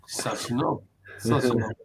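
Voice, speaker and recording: A man's voice: medium pitch, a bit bright, slight background noise. A man hosting a casual live stream chat over beers, laughing easily and mimicking people in his stories.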